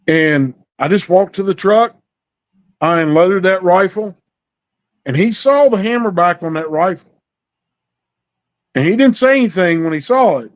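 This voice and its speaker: A man's voice: high-pitched, expressive, measured pace, long pauses. A middle-aged man telling a story in a folksy, drawling way, acting out the dialogue. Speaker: storyteller guest. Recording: dull lo-fi recording.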